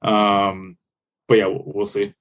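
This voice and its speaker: A man's voice: fairly low pitch, completely flat delivery, takes it slowly, fairly bright tone. A young man from the United States, a podcast guest, talking in a laid-back, rambling way with lots of fillers and swearing. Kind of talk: casual chat.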